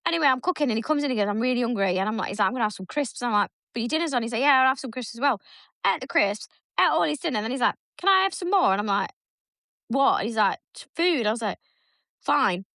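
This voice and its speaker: A woman tells family stories at a quick clip, her voice sitting a little high. She slips into the lines of the people in her stories as she goes. The sound is close and dry, with no room around it. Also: dry recording. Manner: animated storytelling, acts out her son's lines. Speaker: podcast co-host. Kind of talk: casual chat.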